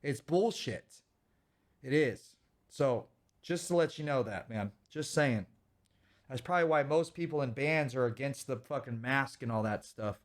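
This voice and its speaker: A man's voice: mid-range voice, moderate pace. A man in his thirties ranting heatedly and profanely on a livestream, stopping to thank viewers. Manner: thanks viewers for donations mid-rant. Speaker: streamer reacting to videos. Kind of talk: casual livestream rant.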